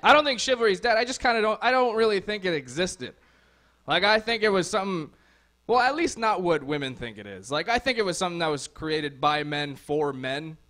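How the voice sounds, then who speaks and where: A young man works a comedy club crowd with a sardonic, crude stand-up set. His voice sits slightly high, and he rambles through "like" and "you know" between punchlines. The delivery is casual and mocking. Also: sing-song, a little fast, bright, forceful tone.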